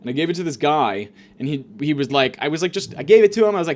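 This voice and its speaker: A man's voice: on the high side, very animated, rapid-fire. A man hosting a comedic monologue, ranting in a rambling, profane way, full of fillers and restarts. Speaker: comedian host.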